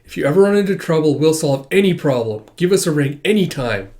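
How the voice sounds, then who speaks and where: A man's voice: fairly high pitch, expressive, fast, a little mellow, lightly acted. A man reading the lines of a brash young man who talks bluntly and teases. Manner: blunt and teasing.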